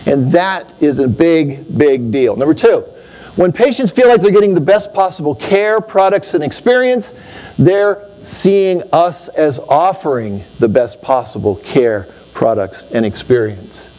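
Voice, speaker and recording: A middle-aged man, an optometrist, giving an animated conference talk and telling stories to make his points. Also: unhurried. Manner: animated storyteller, swings pitch for emphasis.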